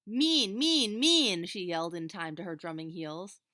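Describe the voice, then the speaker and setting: A woman voicing a furious little girl who shouts in a high, loud voice during a tantrum. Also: steady tone, brisk, no echo, studio quality, natural voice.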